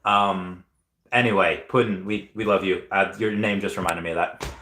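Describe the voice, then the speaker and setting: A man with a fairly low voice hosts a casual livestream, chatting through viewer comments. He rambles enthusiastically and stops and restarts often. His voice rings out in a roomy, echoey space. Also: steady tone, normal speed, bright, forceful tone. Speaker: livestream host. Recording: roomy echo.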